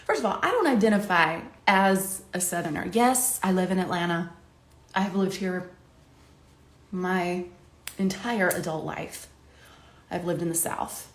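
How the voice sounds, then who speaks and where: A woman's voice: fairly low pitch, unhurried, long pauses. Middle-aged woman from ohio, makeup coach, chatty and laughy, roomy echo on the mic. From Ohio, USA. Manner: chatty, laughing, lively quoted voices. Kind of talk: casual talk to camera while doing makeup. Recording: echoey room.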